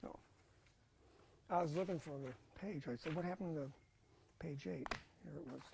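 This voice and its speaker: A man's voice: fairly high pitch, moderate pace, vocal fry, noisy background. A man teaching a Bible college class in a casual lecture style, thinking aloud with fillers and restarts.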